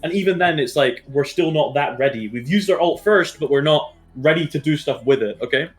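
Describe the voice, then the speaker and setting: A man's voice: on the high side, brisk, hardly any pauses, faint music behind. A man coaching his esports team through a match review, direct and blunt, swearing freely and checking in with his players often. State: has the hiccups.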